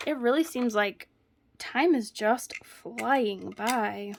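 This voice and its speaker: Chatty woman, slightly high voice. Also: takes it slowly, vocal fry, a little hiss or hum. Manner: chatty storyteller, laughs often mid-sentence. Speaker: crafting vlogger. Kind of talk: casual chat while crafting.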